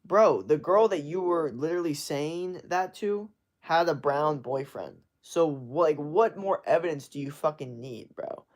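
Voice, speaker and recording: A man's voice: fairly high pitch, a little slow. A young man giving blunt, profane advice in a casual live-stream rant, full of fillers and emphatic swearing. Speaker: streamer answering chat.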